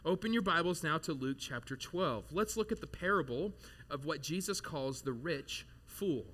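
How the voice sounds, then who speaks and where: Lively, bright-toned man preaching. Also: on the high side, normal speed. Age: 30s. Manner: conversational, animated, with casual asides. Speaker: pastor. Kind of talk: sermon. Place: church.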